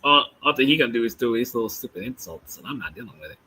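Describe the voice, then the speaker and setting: A man's voice: medium pitch, expressive, racing, pushed and bright, slightly rough. A man on a livestream call answering curtly and defensively, refusing to engage. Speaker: call participant.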